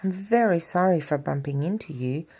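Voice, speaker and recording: A woman voicing an excited little girl sledding downhill, with high squealing cries. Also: moderate pace, slightly rough, full character voice. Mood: earnest pleading.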